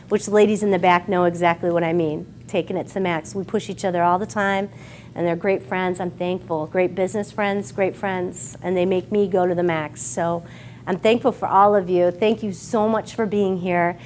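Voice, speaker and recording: A woman's voice: medium pitch, a little mellow. Woman author, Midwest accent, emotional talk to a live bookstore audience, faint background noise. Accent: American Midwest. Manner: emotional, heartfelt, near tears at times. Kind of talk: emotional speech at a book signing. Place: bookstore event room with an audience.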